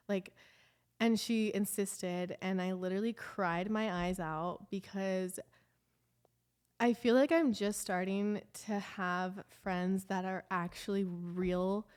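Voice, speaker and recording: A woman's voice: medium pitch, moderate pace, darkish tone. A young woman vlogging in a casual confessional chat, emotional and rambling, full of "like" fillers.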